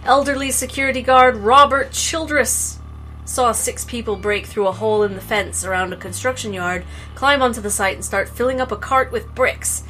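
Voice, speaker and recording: A woman's voice: fairly high pitch, normal speed, sharp tone, faint music behind, rough recording. Playful woman co-hosting a game. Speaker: let's play co-host. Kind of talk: casual gameplay chat and reading game text aloud.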